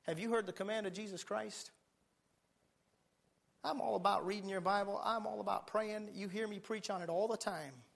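A man preaching a sermon as pastor, fiery, swinging from quiet talk to shouting. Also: high-pitched, steady tone, normal speed, vocal fry.

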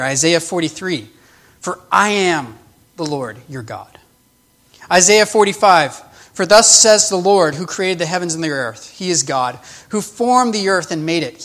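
Male preacher, higher voice, earnest teaching sermon, emphatic. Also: a bit bright. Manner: earnest, explanatory, with emphatic restarts.

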